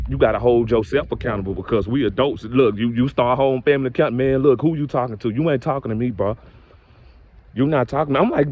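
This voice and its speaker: Young man, mid-pitched, preaching to camera on a dull, lo-fi recording. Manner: preachy, repetitive catchphrases, rising to high exclamations. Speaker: vlogger. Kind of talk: casual direct-to-camera rant.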